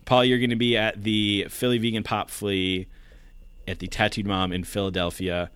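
Lowish laughing man, dry mic. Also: flat delivery, moderate pace, fairly bright tone, clear, resonant tone, no room sound. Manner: laughs often, loose and joking. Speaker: podcast co-host. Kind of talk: casual podcast chat.

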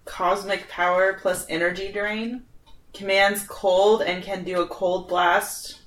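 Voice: mid-range voice, flat delivery, takes it slowly, a bit bright. A tabletop game player asking eager questions about the rules. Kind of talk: casual tabletop game chat. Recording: roomy, distant echo.

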